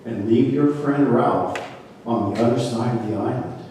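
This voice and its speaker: A solemn, stern voice of God, delivered slowly and pitched a little low, as a preacher puts it on mid-story. It rings through a large reverberant church, picked up from a distance. Faint room ambience hangs behind it. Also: male voice, dark tone, a little hiss or hum, lightly acted. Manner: slow, lowered delivery. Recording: echoey church hall from afar.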